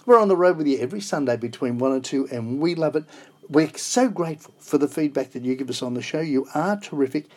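A man's voice: medium pitch, fast, a little mellow. A man hosting a weekly radio show in an enthusiastic, emphatic, casual way. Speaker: radio host.

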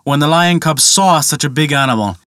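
A man narrating a folktale in a steady, measured storytelling manner. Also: fairly high pitch, no room sound, clean studio sound.

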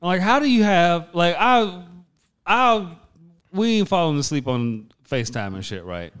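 Podcast co-host, man, lively swooping voice, blunt slangy banter. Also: high voice, a little slow, smooth. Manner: blunt and emphatic, with repeated slang. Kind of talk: casual, profane banter.

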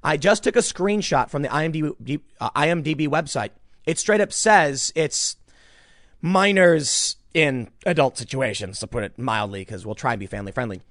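A man's voice: on the high side, normal speed, no echo, studio quality. A man giving casual online commentary, talking emphatically with frequent restarts. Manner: animated, emphatic, ranting with repeated restarts.

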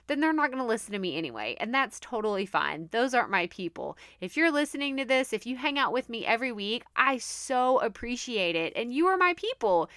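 A Texan-accented female podcast host speaks briskly with few pauses, her voice on the high side, fairly bright, and swinging widely in pitch. Her casual monologue is chatty and upbeat, full of laughs and "like," captured in a dry studio-quality recording.

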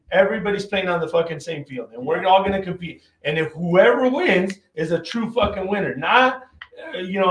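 Blunt, profane man in a roomy space. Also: high-pitched. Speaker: guest, company founder. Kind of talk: casual podcast conversation. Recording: roomy echo.

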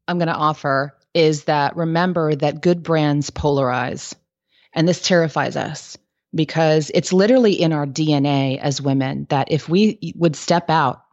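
Lower-pitched woman chatting frank business advice, lots of likes and ums, kinda dull muffled recording. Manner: candid, lively storytelling with frequent "like" and "um". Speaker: guest. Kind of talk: business coaching advice in a podcast interview.

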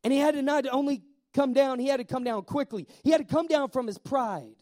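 A man preaching a sermon in a lively way, asking the congregation questions and slowing down to stress key words. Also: very high voice. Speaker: pastor.

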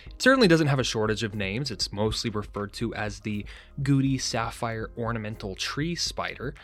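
A man's voice: on the low side, expressive, moderate pace, a bit bright, faint music behind. A man hosting an educational podcast, talking in an enthusiastic, chatty way and often stopping to correct himself. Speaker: podcast host. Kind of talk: casual educational narration.

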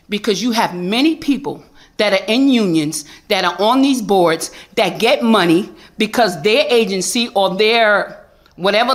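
A woman street preacher gives fiery testimony at a public hearing. She is angry and preaches at her listeners, hammering the same promises over and over. Her pitch sits at a middle level for a woman.

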